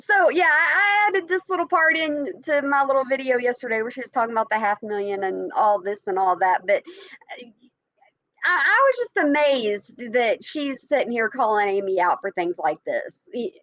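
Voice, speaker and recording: High-voiced chatty woman reacting to a stream. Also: animated, moderate pace, fairly bright tone, no echo, highs cut off. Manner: chatty, repeats herself, laughs often, talks to viewers. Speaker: reaction channel host. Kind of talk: casual reaction commentary.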